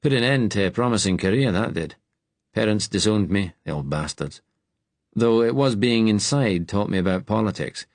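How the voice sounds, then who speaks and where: A man's voice: on the low side, lively intonation, normal speed, no room sound, pitched above the performer's own voice, close to an everyday voice. A man voicing a blunt, joking working-class Scottish man with a Scottish accent in an audiobook. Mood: wry. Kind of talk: audiobook character voice.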